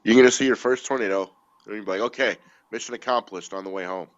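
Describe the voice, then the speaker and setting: Male co-host, low voice, dry teasing asides; dull, dead-dry recording. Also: fast, smooth, no echo. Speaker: podcast co-host. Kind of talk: casual chat.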